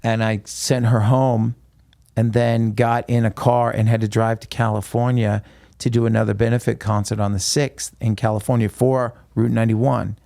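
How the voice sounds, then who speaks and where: A man, a guest musician, recounting a personal story in an interview, halting with frequent restarts. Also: mid-range voice, flat delivery, vocal fry, warm tone, dry recording, clean studio sound.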